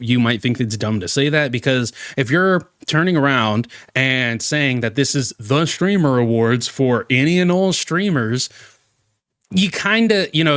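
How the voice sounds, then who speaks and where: A man's voice: medium pitch, fairly bright tone, smooth, no echo, studio quality. A man giving exasperated reaction commentary on a streamer, ranting with many restarts.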